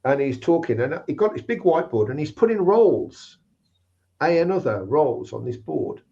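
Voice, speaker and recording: A man's voice: on the high side, sing-song, moderate pace, vocal fry, warm tone. A man telling work anecdotes in casual chat and acting out the people he quotes. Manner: anecdotal, acts out quoted voices. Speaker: guest speaker on recruitment. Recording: slightly dull lo-fi sound.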